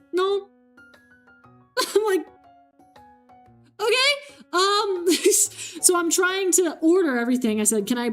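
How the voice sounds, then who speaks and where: Young woman streaming, high voice, chatty and giggly, telling stories and reading chat, soft music behind her. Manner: chatty, reads chat aloud, laughs often, acts out quotes. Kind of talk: casual chat.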